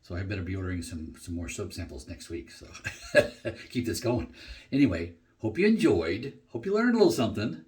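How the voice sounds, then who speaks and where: A middle-aged man chatting casually through a shave review in his home bathroom, relaxed and full of fillers. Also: low voice, quick pace. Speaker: shaving vlogger.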